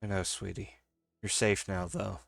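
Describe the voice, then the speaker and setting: A man voicing a tough mother who gently reassures her daughter. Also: low voice, level tone, a little slow, gravelly, no echo, studio quality, soft background music. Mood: tender. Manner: soft and reassuring.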